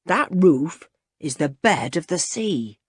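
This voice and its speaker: A woman reading an audiobook, voicing an old male cave guide in a lowered voice. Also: big pitch swings, takes it slowly, breathy edge, dry recording, clean studio sound, full character voice. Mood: guiding. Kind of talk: audiobook character voice.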